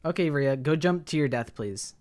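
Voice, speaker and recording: A man's voice: a little high, expressive, moderate pace, darkish tone. A young man streaming a game, chatting casually, rambling and swearing with lots of fillers.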